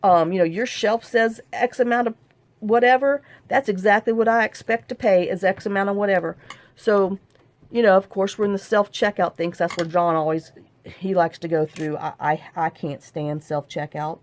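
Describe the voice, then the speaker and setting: A woman's voice: medium pitch, steady tone, normal speed. This is a middle-aged woman, chatting on camera as she works on a craft project. She rambles through her story, circling back with fillers and restarts, in an easygoing, talkative way. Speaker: crafting vlogger. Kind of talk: casual chat while crafting.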